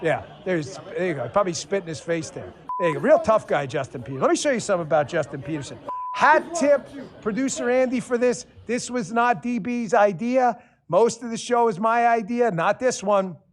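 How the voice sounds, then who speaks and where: A man's voice: high-pitched, expressive, fairly quick, a crowd in the background. A man hosting a political talk show, delivering a sarcastic, combative monologue and swearing freely. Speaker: show host.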